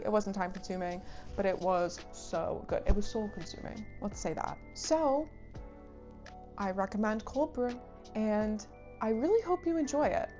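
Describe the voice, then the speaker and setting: A woman's voice: mid-range voice, darkish tone, highs cut off. A young woman hosting a book review vlog, chatting casually in a bubbly, gushing way with lots of "like" fillers. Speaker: book reviewer and channel host.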